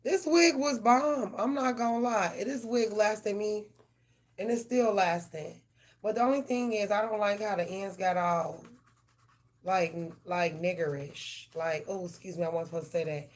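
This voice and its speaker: Here is a woman talking straight to her live viewers in an easy, unscripted way. She tells rambling stories, swears freely and leans on slang, and her pitch sits in an ordinary middle range for a woman. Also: unhurried. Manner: loose, profane, chatty storytelling with slang; addresses viewers directly. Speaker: tarot reader hosting a live stream. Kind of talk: casual live-stream chat.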